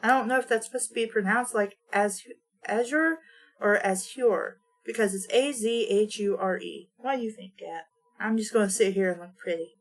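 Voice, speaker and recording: A woman's voice: mid-range voice, steady tone, a little fast. A woman reading a novel aloud and breaking off for blunt, sarcastic asides. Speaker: audiobook reader and commentator. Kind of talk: casual reading with sarcastic commentary.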